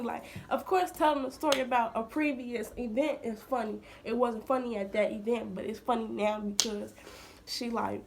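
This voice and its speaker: A young woman vlogger casually telling a personal story to her viewers, chatty and talking straight to them, sometimes dropping into hushed asides. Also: fairly high pitch, steady tone, moderate pace, creaky, a little hiss or hum.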